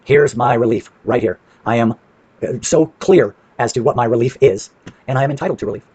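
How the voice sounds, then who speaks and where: A man's voice: medium pitch, fairly quick, darkish tone, slightly rough, dry recording, highs cut off. A man with a brash, profane manner, casually walking through paperwork on screen and asking and answering his own questions.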